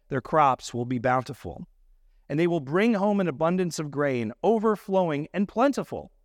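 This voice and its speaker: A man's voice: on the high side, dry recording, studio quality. A man pastor preaching a sermon, explaining scripture in an earnest, teaching manner.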